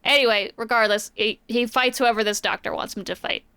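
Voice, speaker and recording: A woman's voice: on the high side, fairly even intonation, brisk, bright, forceful tone, clean tone. A woman casually recapping a comic book story on a podcast, chatty and playful, slipping quoted lines into her retelling. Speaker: podcast co-host.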